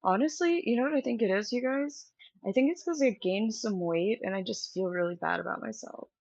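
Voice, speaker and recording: A woman's voice: fairly high pitch, a little fast, vocal fry, darkish tone, dry recording. A young woman chatting candidly and directly to viewers on a casual live stream from a room at home. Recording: dull lo-fi stream audio.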